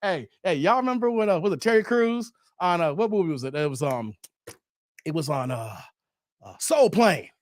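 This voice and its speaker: Lively, laughing man reading comments. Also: a little high, moderate pace. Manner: animated, laughing, slang-heavy banter. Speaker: host reading viewer comments. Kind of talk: casual commentary on a video.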